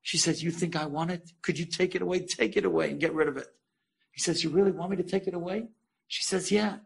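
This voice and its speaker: A man, a rabbi, telling an inspirational story to an audience, acting out the dialogue with big jumps in pitch and asking his listeners questions. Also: fast talker, gravelly, breathy edge. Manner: animated, acts out quoted dialogue with sudden high pitch jumps; asks the audience direct questions.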